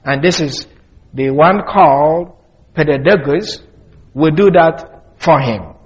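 Man preaching a teaching sermon, lo-fi. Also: on the high side. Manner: teaching, spells out words slowly. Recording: dull, lo-fi sound.

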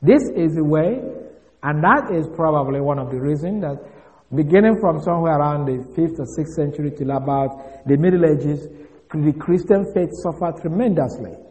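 A man's voice: fairly high pitch, moderate pace, a little mellow. A man teaching on the Bible as a preacher, explaining Greek words and spelling them out letter by letter, recorded in a large hall. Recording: long hall reverb.

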